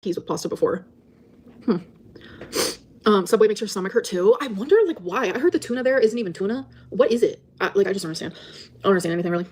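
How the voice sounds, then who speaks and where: A woman's voice: medium pitch, animated, fast, darkish tone, breathy edge. Rambling woman vlogger chatting to viewers. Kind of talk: casual chat to viewers.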